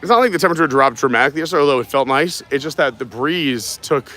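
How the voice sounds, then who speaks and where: A man's voice: mid-range voice, animated, racing, bright, forceful tone. A man casually chatting and joking while hosting a live stream outdoors at a theme park. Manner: joking, chatty, talks with food in his mouth at times. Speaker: vlog host.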